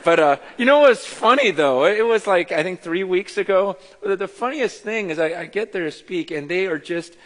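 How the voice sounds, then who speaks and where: A middle-aged male pastor delivers a sermon in a loose, conversational way, animated and quick to poke fun at himself. His voice sits a little high for a man. It rings out with the long reverb of a large church sanctuary. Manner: conversational storytelling, animated and self-deprecating.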